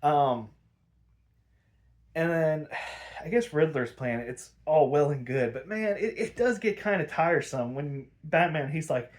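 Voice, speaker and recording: A man with a slightly higher voice reviews an episode on his own in a loose, casual way. He rants in exasperation, swears freely and trips over plenty of fillers and restarts. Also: a little slow. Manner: exasperated, swears often, ranting. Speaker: podcast host reviewing episodes.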